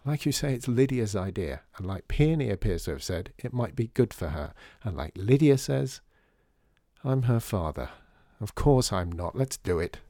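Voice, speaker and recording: A man reading a storybook voices a calm, patient father speaking deliberately. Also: on the low side, dry recording, studio quality.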